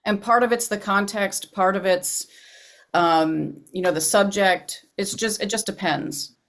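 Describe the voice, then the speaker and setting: A woman voice actor co-hosting a webinar, chatting casually and explaining with quick asides over a video call. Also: mid-range voice, fairly bright tone. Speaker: voice actor and co-host.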